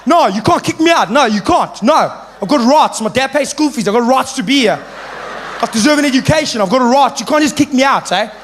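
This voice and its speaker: A man's voice: very high-pitched, lively intonation, brisk, fairly bright tone, a little hiss or hum, voice pushed up. A man playing a cocky teenage schoolboy who argues back at his teacher. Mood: defiant. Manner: indignant protesting, arguing back.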